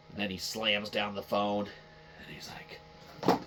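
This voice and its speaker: A man's voice: lowish voice, completely flat delivery, takes it slowly, long pauses, a bit bright. A man hosting a podcast, ranting casually about a video game in a rambling, profane, repetitive way. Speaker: podcast host. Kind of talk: casual game-review rant.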